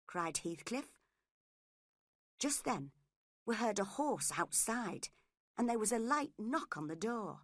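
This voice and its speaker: Woman reading a story for english learners, slow and clear, bright voice, very dry sound. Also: fairly low pitch, sing-song, no echo. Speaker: narrator. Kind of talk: audiobook narration for English learners.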